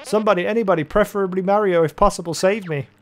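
A man voicing a clumsy, cheerful plumber in a hammy mock Italian accent, whiny and pitched above his own voice. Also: racing, close to an everyday voice. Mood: panicky.

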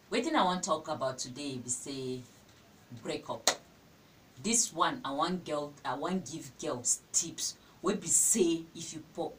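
Animated, scolding young Nigerian woman. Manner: animated, scolding, full of exclamations. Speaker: vlogger. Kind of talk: advice vlog. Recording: distant mic with faint rumble.

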